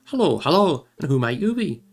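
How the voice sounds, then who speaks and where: A man doing a hearty, gravelly old farmer. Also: on the high side, very animated, fairly quick, pitched above the performer's own voice, exaggerated voice. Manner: hearty, loud, rustic. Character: gruff stout old hobbit farmer, blustering. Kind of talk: storybook character voice.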